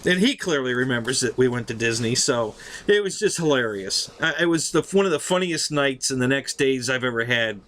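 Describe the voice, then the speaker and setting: A man in his fifties hosting a live stream, telling stories in a chatty, animated, profane way. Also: medium pitch, brisk. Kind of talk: casual storytelling on a live stream.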